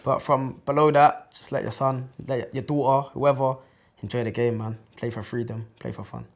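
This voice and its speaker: A man's voice: mid-range voice, fairly even intonation, moderate pace, vocal fry, a little hiss or hum. A man in his twenties, a former footballer, telling his story in a loose, chatty way full of slang fillers. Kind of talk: casual storytelling to camera.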